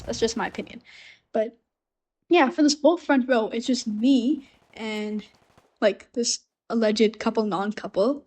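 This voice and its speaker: A woman's voice: a little high, a little mellow. A young woman at university telling a story unscripted, rambling with many fillers and restarts, still coughing from a recent illness. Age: young adult. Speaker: university student.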